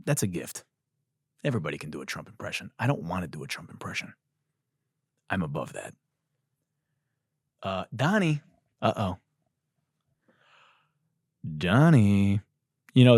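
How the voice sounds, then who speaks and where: A man's voice: lowish voice, dry recording, clean studio sound. A man hosting a comedy podcast, delivering a mocking satirical monologue. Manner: ranting, mocking, shouts and laughs.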